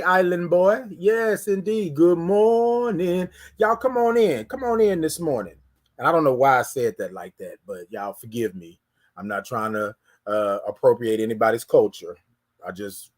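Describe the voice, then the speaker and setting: A man hosting a casual morning livestream from home, chatting loosely with viewers, greeting them by name and repeating his phrases. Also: mid-range voice. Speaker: livestream host.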